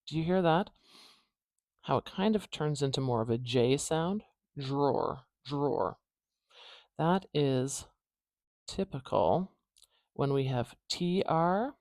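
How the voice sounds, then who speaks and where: A speaker with an Atlantic Canadian accent teaches phonetic transcription in a mid-pitched voice. They sound out example words slowly and repeatedly, with light, playful asides. The recording is dry and close, with no room sound. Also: gravelly, a little mellow, no echo. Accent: Atlantic Canadian English. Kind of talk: IPA transcription lesson.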